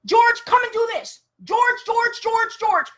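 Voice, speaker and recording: A man's voice: very high voice, unhurried, a bit bright, pitched above the performer's own voice. A woman voicing a bossy male workplace boss who barks repeated orders at an employee. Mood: nagging.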